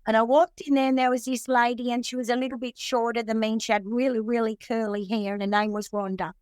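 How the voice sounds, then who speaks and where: A middle-aged woman from Australia sharing her recovery story at a meeting, earnest and rambling with halting restarts. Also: a little high, level tone, darkish tone, dry recording. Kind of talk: personal testimony at a recovery meeting.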